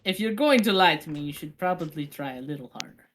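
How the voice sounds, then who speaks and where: Woman putting on a shrewd snouted pirate captain, mock German accent, low and dry. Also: animated, quick pace, a bit bright, slight background noise. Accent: put-on German.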